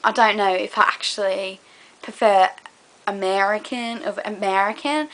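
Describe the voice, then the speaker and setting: A young woman talks casually to a fellow vlogger in a put-on British accent. Her voice is bright and clear, sitting in a middle pitch for a woman. She rambles along with plenty of fillers. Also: steady tone, normal speed. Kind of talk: casual chat to a collab partner.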